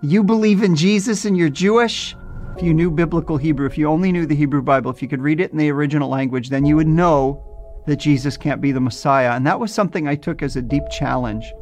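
A man from New Jersey gives an earnest, reflective personal testimony in a slightly higher voice than most men. Soft music plays faintly underneath as he tells his story. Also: fast. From New Jersey, USA. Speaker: testimony speaker.

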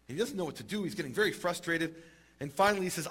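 A man telling a Talmud story in a lively, humorous way and acting out the characters. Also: fairly high pitch, fast talker, husky. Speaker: teacher retelling a Talmud story. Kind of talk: animated storytelling talk.

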